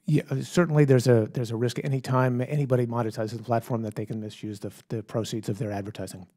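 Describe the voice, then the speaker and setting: A man's voice: mid-range voice, steady tone, fast talker, mellow. A man, a company executive, answering questions at a congressional hearing, careful and correcting himself as he goes. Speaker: tech company executive witness. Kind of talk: testimony at a hearing. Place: hearing room.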